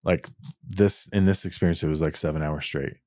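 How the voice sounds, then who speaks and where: A man's voice: extremely low pitch, steady tone, moderate pace, darkish tone, no room sound. A man hosting a podcast, talking through ideas alone in an earnest, explanatory way and often restarting his sentences. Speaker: podcast host. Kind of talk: reflective solo podcast talk.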